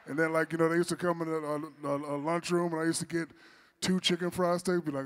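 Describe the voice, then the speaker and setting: A man's voice: high voice, little pitch movement, fast, a little hiss or hum. A man in his forties giving a playful, teasing acceptance speech at an awards dinner in a banquet hall.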